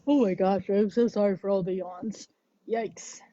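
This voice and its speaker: A woman fitness instructor chatting casually before a livestream workout class, relaxed and sighing now and then, on a headphone mic at home. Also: mid-range voice, moderate pace, muffled recording. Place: indoors at home. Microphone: wireless headphone mic.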